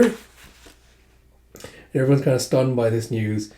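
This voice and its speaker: A man's voice: medium pitch, steady tone, normal speed, dark tone. A young man casually retelling a comic story, full of fillers and a loose narration style. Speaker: manga readthrough host. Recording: echoey room.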